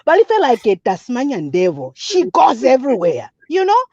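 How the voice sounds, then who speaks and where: High-voiced woman, emphatic, repeats herself, muffled lo-fi dry line. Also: wildly swooping pitch, normal speed, darkish tone, no room sound. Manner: code-switching, emphatic and repetitive. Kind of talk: impassioned political call-in comment.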